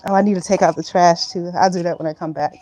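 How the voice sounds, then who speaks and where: A woman's voice: on the low side, steady tone, fast talker, dark tone, poor audio. A woman in her fifties talking casually at home. She rambles, laughs often and swears freely. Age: 50s. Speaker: vlogger. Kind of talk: casual talk to camera. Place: at home, indoors.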